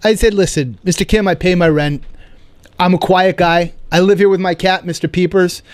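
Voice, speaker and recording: A man hosting a comedy podcast, riffing in a rambling, animated, self-mocking monologue indoors. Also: sits high, moderate pace, clean tone. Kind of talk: casual rambling stand-up monologue. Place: indoor room.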